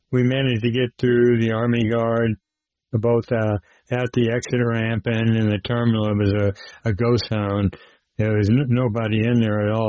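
A man, an airline pilot, telling a personal story in an interview, plain-spoken and steady with frequent fillers. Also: lowish voice, dry recording. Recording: dull lo-fi sound.

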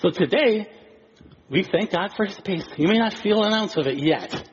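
A male pastor preaching a sermon, animated and acting out little scenes of dialogue. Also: high voice, normal speed. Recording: dull lo-fi recording with faint noise.

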